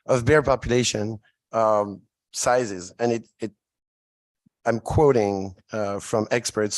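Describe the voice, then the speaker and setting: A state representative with a French accent questioning officials at a public hearing, hesitant and apologetic. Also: male voice, medium pitch, darkish tone, dry recording.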